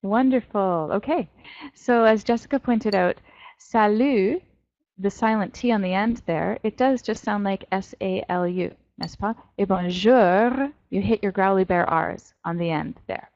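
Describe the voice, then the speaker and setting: A woman teaching an online French class to young students, playful and animated as she explains pronunciation. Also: mid-range voice, moderate pace, dry recording, lo-fi sound. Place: virtual world classroom.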